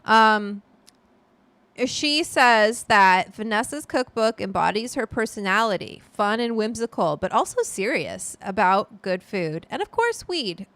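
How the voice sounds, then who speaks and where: A woman's voice: mid-range voice, lively intonation, a little slow, a bit bright, dry recording. A middle-aged woman hosting a casual livestream from home, chatting and reading viewer comments in a rambling, loose way with casual swearing. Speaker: livestream host, cannabis cook. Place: home room. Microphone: studio mic at desk.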